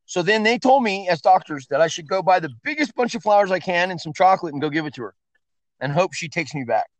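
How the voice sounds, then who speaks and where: A man, a podcast guest, telling crude, profane stories in a loud, animated way during a casual chat. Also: sits high, fast talker, dry recording.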